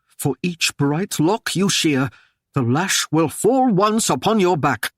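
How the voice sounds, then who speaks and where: A man's voice: a little high, expressive, slow, dry recording, clean studio sound. A man voicing a stern Norman warlord. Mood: stern, commanding. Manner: harsh, commanding, archaic speech.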